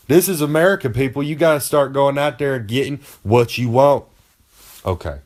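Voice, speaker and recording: A man's voice: mid-range voice, darkish tone. A pro wrestler man giving road tips in a comedic in-character monologue, boastful and rambling in folksy slang.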